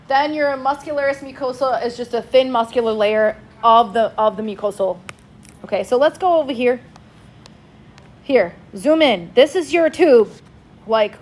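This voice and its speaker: A woman's voice: a little high, slight background noise. A woman teaching a class in a casual, chatty way, prompting students to answer back. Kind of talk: classroom lecture.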